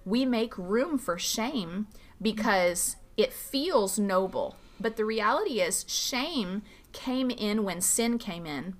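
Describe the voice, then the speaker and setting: A woman pastor talking casually about faith in a podcast interview, animated and full of "like" fillers, acting out quoted dialogue. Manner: animated, acts out quoted dialogue with big pitch jumps. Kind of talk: conversational faith teaching.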